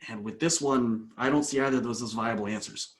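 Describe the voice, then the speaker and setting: Man, coach, podcast guest, long story, mid-pitched, excited bursts, hushed asides. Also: a little fast.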